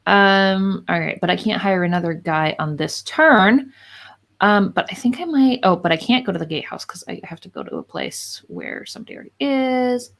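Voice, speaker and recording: A woman's voice: medium pitch, lively intonation, normal speed, gravelly. A woman playing a board game over a video call, rambling playfully with lots of fillers. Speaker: game player on a live stream.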